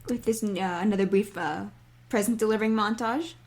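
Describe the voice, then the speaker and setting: A woman's voice: mid-range voice, fairly quick, a little mellow. A woman co-hosting a podcast, chatting casually and laughing often while recapping a cartoon episode. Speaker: podcast co-host.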